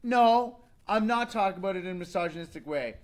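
Male show host, thirties, higher-pitched, animated ranting delivery. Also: a little fast. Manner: animated, swings into mocking voices. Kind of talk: casual comedic rant.

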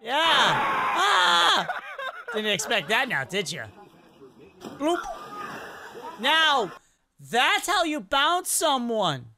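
Reaction host chatting over fail clips, slow easy pace but pitch jumping all over, talks for the animals. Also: over loud music. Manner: animated, exclaiming and narrating what animals and people think. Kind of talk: casual reaction commentary.

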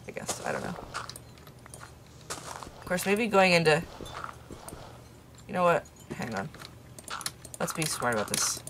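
Playing a game for her YouTube channel, a young woman talks loosely from a room in her parents' home, self-mocking and murmuring little comments under her breath. Her voice is low, and there's noise in the background.

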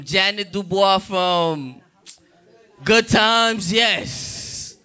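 A man's voice: high voice, pushed and bright. A man doing a stand-up comedy set at a club, joking loosely and talking back to the crowd.

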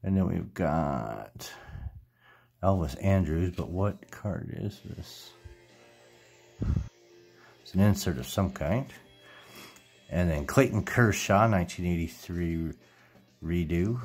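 A man's voice: low-pitched, lively intonation, takes it slowly, gravelly, long pauses, darkish tone, husky, soft background music. A middle-aged man casually chatting while opening baseball card packs, reading out player names and tripping over a few. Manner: reads player names one after another, trips over names and corrects himself. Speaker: card collecting YouTuber.

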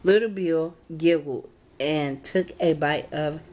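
A young woman reading a children's storybook aloud, halting and fixing her slips as she goes. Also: sits low, a little mellow. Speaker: channel host reading to reborn dolls.

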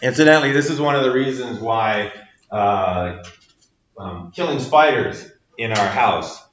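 A man's voice: medium pitch, measured pace, fairly bright tone. A man teaching a university psychology class, explaining step by step with many fillers and acting out little quoted exchanges. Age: adult with children. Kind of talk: recorded lecture. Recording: roomy lo-fi lecture recording.

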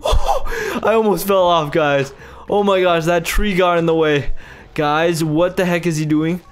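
A young man giving excited gameplay commentary as a YouTuber, talking to his viewers in exasperated, loud outbursts. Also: fairly high pitch, moderate pace, a crowd in the background. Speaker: YouTuber playing a video game.

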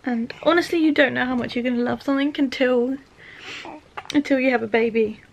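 A woman's voice: high-pitched, brisk, gravelly, muffled recording, a little hiss or hum. A young woman in her twenties chatting casually at home in a vlog, emotional and laughing often. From England. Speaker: vlogger.

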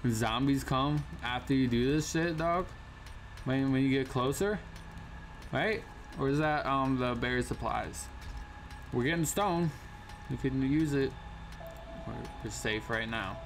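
A man's voice: mid-range voice, measured pace, long pauses, slight background noise. A young man casually commenting on a survival game, slangy and prone to sudden startled yelps. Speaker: gaming channel host. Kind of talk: gameplay commentary.

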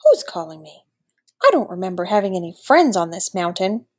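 A woman's voice: mid-range voice, very animated, normal speed. A woman voicing a hungry, grumpy old male wolf who growls and grumbles. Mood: puzzled.

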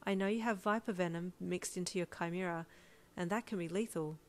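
A woman voicing the listener character, a caring and determined young vet, speaking earnestly and softly. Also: on the low side, fairly quick, close to an everyday voice. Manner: earnest and soft-spoken. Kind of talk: second-person listener role.

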